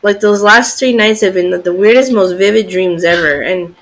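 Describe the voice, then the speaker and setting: A woman's voice: mid-range voice, normal speed, a little hiss or hum. Chatty woman podcast co-host. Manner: chatty and sympathetic, many fillers. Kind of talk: casual chat.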